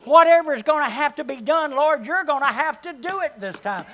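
A pastor preaching a sermon, swinging from loud, rising calls to hushed, low asides, with mains hum behind. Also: male voice, animated, fairly quick, rough recording.

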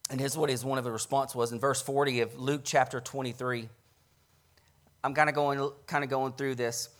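Passionate male preacher, loud to hushed. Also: little pitch movement, normal speed. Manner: passionate, swings from loud emphatic peaks to hushed lows; storytelling, retells scripture scenes conversationally. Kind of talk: sermon.

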